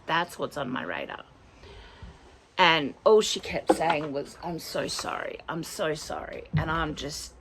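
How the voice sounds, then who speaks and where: A woman's voice: deep voice, sharp tone, slight background noise, rough recording. A woman, chatting heartfelt about her year in a personal vlog. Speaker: vlogger. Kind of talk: personal year-in-review chat.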